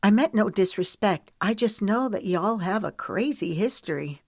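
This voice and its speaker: A woman's voice: medium pitch, animated, moderate pace, no room sound, clean studio sound, pitched above the performer's own voice. A woman voicing a nervous, earnest young female employee in an audiobook, hesitant and pleading. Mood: flustered.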